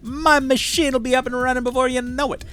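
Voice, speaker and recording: A man's voice: extremely high pitch, drawn-out words, bright, forceful tone, voice pushed up, heavily acted. A man voicing a greedy, scheming male tinkerer who boasts of riches, smarmy with a drifting southern twang. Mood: gleeful.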